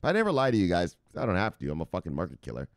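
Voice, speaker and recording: Profane, hyped man, deep and gravelly. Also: wildly swooping pitch, rapid-fire, no echo, studio quality. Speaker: crypto news host. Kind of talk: casual chat, live market commentary.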